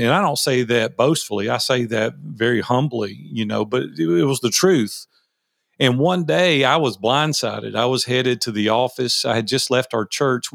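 A man in his fifties, a guest telling personal stories in a folksy, animated way, acting out past conversations. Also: lowish voice, no room sound, studio quality. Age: 50s. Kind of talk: interview storytelling.

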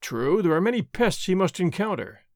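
A man's voice: high-pitched, very animated, normal speed, a little mellow, no room sound, clean studio sound. A man reading a haughty, prickly army captain. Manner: stiff, prickly.

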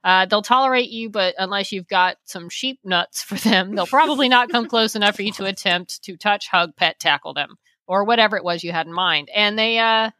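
Bright-voiced woman reading listener mail. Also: mid-range voice, fairly quick, hardly any pauses. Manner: playful, reads letters aloud with asides. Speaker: podcast co-host.

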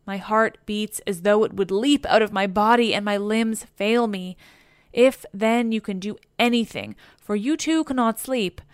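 A woman's voice: medium pitch, clear, resonant tone, no room sound, clean studio sound, lightly acted. A woman reading an anxious warrior king. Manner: anxious, formal old-fashioned speech. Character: troubled male warrior king, anxious commander.

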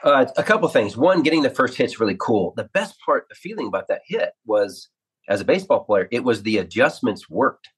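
Husky-voiced man telling baseball stories. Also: mid-range voice, a little fast, poor audio. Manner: animated anecdotes, acts out quotes. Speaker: former ballplayer, radio analyst. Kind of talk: storytelling interview.

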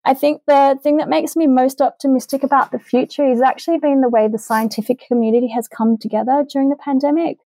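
Woman, middle-aged scientist guest; mellow, slightly high, dry sound; earnest, hesitant phrasing. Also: fairly even intonation, quick pace, hardly any pauses, dry recording, low-quality recording. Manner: earnest, frequent fillers and restarts, enthusiastic. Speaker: vaccine immunologist guest. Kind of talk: remote interview answers.

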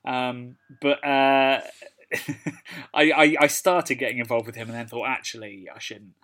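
A man's voice: mid-range voice, steady tone, a little slow, fairly bright tone. A man with a British accent, co-hosting a casual podcast and telling stories with a laugh. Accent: British English. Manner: laughs while telling stories, reads out comments. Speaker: podcast co-host. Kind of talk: casual chat.

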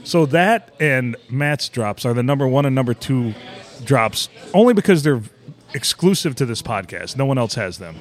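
A man's voice: medium pitch, animated, normal speed, faint music behind. A man with a Midwestern American accent co-hosting a podcast, riffing on wordplay and quoting favorite lines in casual chat. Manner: jokey, riffs on wordplay and quotes. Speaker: podcast co-host.

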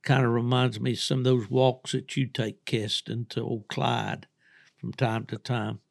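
A man's voice: mid-range voice, level tone, measured pace, vocal fry, dry recording, clean studio sound. An older man from southern West Virginia, hosting a podcast and telling rambling folksy stories with frequent chuckles. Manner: folksy, rambling storyteller who laughs often. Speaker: podcast host. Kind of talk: casual storytelling chat.

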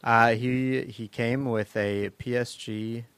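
A man's voice: mid-range voice, fairly even intonation, slow pace, fairly bright tone, clear, resonant tone, dry recording. A man hosting a casual podcast chat, telling stories loosely with lots of fillers and laughs. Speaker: podcast host.

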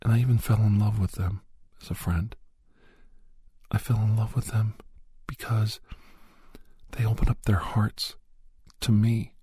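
Breathy half-whispering man. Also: on the low side, little pitch movement, a little slow, long pauses, no echo, studio quality. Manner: soft, repetitive, earnest self-talk. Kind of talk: spoken self-affirmations.

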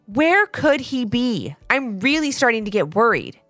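Caring, firm mother, raised and lively, a woman acting it. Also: a little high, measured pace, no room sound, faint music behind. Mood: worried.

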